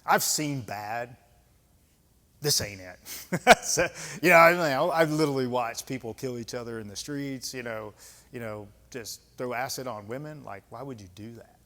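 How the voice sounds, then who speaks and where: In a club lecture hall with long reverb, a man in his fifties from the United States speaks at a medium pitch and normal speed, his voice slightly bright. A retired senior Army leader, he tells stories while lecturing and fielding audience questions, blunt, conversational and emphatic, with folksy asides.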